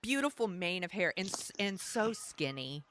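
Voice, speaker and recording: A woman's voice: on the low side, big pitch swings, moderate pace, crowd noise. A woman in her forties co-hosting a podcast, chatting casually with lots of fillers and self-mocking humor. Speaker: podcast co-host. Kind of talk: casual chat.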